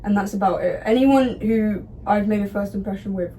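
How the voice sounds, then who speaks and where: A young woman with a mid-range voice co-hosts a casual podcast, cutting in with quick, teasing remarks. She sits a little back from the mic, with faint noise behind her. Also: medium pitch, mellow, distant mic, low-quality recording. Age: teens to young adult. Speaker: podcast co-host, daughter. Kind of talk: casual chat.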